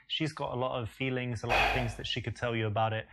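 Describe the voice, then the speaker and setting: A man's voice: medium pitch, fairly even intonation, fast talker, very noisy, natural voice. A man playing a male dating coach who explains what to say, in an instructive, scripted tone. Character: calm male dating coach giving advice. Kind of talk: scripted game commentary.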